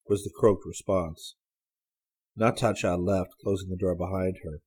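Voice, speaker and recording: A man narrating a story for an audiobook in a measured, even way. His voice sits low and carries a husky grain throughout. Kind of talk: scripted narration.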